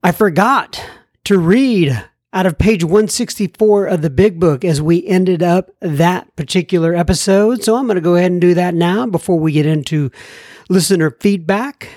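A man's voice: sits high, normal speed, a little mellow, dry recording, studio quality. A man hosting a podcast, reading listener mail in a chatty, self-deprecating way. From United States. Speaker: podcast host.

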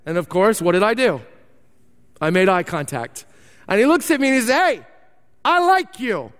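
A man preaching a sermon, reading scripture and then telling animated stories with emphatic repetition. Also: high voice, fairly quick, clear, resonant tone, long reverb tail. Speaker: pastor.

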